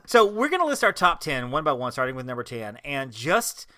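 A man's voice: mid-range voice, sing-song, brisk, pushed and bright. A man co-hosting a podcast in casual chat, talking with gushing enthusiasm. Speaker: podcast co-host.

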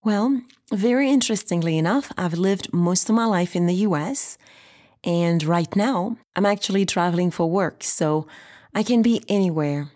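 A woman's voice: lowish voice, moderate pace, a little mellow. A woman with a slight French accent hosting a faith podcast in an upbeat, encouraging way. She grew up in France, and French is her first language. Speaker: podcast host.

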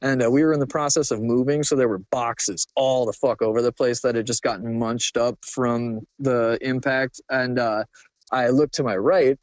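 A man's voice: mid-range voice, darkish tone, no echo. Young man, interview guest: loose, profane, filler-heavy storytelling, dry close sound. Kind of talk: candid personal storytelling.

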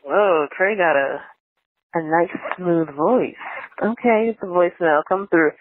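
A woman from Philadelphia leaving an excited, giggly voicemail for the host. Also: on the low side, slow, a little hiss or hum. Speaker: voicemail caller. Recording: tinny phone-line voicemail.

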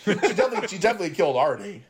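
A co-host riffs playfully in a casual chat and keeps giggling. The voice sits at an ordinary middle pitch. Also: sing-song, very fast, a crowd in the background. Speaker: podcast co-host.

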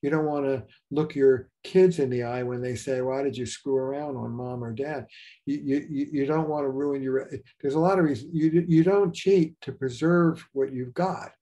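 Frank older man, dark mellow voice. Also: medium pitch, steady tone, moderate pace. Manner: frank, storytelling, frequent restarts and fillers. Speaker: marriage therapist, guest. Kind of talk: casual interview talk.

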